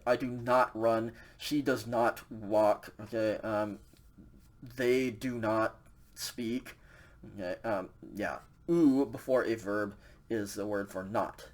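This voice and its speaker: Casual filler-heavy male language teacher. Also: medium pitch. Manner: casual, filler-heavy explaining with frequent "okay". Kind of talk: recorded slide lecture.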